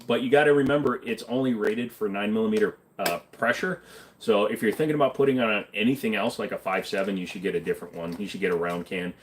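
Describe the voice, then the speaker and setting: A man's voice: fairly low pitch, fast, a little hiss or hum. A man hosting a casual livestream and answering chat in a blunt, offhand way, swearing now and then. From Canada. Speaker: livestream host reading chat.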